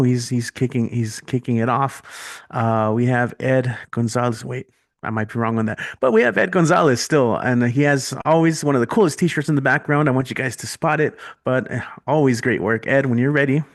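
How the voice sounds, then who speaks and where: A man's voice: mid-range voice, a little fast, no room sound. Male open mic host, easygoing intros, dry close sound. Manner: friendly, loose introductions with fillers. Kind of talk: casual hosting.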